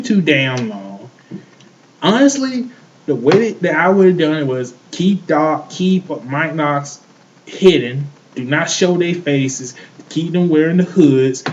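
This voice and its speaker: A man's voice: fairly high pitch, lo-fi sound, noisy background. A man co-hosting a show, ranting in heated casual chat, swearing often and repeating himself. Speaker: podcast co-host.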